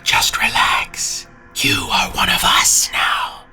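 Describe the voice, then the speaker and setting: A man doing an eerie soothing whisper spirit. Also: soft background music. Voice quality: breathy whisper. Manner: soothing, slow, hushed.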